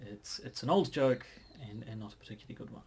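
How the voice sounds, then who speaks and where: A man co-hosting a casual podcast, measured and hesitant, often restarting his sentences. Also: mid-range voice, expressive, darkish tone, slight background noise. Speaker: podcast co-host.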